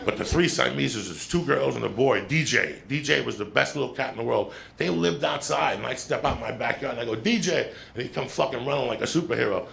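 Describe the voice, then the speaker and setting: In a mid-range, gravelly voice, the stand-up comic barrels through a long story at a fairly quick clip with hardly any pauses. His delivery is blunt, profane, and conversational, heard in a played clip with steady background noise.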